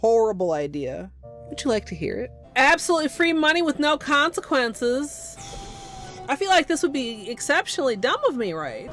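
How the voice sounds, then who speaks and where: A woman's voice: sits high, very animated, normal speed, fairly bright tone, faint music behind. A woman streaming live, chatting casually with crude jokes and sudden shrieks. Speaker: nail art streamer. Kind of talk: casual livestream chat.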